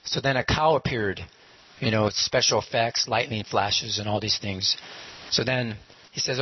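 A man's voice: on the low side, normal speed, husky. A man casually retelling a parable, rambling with many fillers and acting out the characters' lines. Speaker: storyteller. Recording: muffled lo-fi recording.

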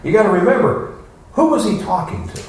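A man's voice: sits high, huge pitch swings, a little fast, a little mellow. A man giving an informal scripture class, full of rhetorical questions and playful asides, recorded from a distance in an echoey room. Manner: folksy, rhetorical questions, acts out quotes. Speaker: spiritual teacher giving a class. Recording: echoey room, distant mic, faint noise.

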